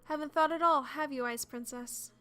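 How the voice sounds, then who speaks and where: A woman voicing a snide female witch who taunts slowly and sneers in a game playthrough. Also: sits high, sharp tone, soft background music, pitched above the performer's own voice.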